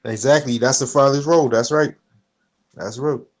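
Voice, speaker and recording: A man with a mid-pitched voice talks casually, backing up his partner with quick agreement. He then muses at length and keeps asking if he is understood. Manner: affirming, reflective, says "you know what I mean". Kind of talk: casual chat.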